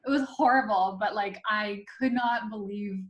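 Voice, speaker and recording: Animated woman telling a funny story. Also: mid-range voice, moderate pace, muffled recording, crowd noise. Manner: animated, breathless storytelling, often laughing. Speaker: real estate agent, guest. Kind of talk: storytelling anecdote.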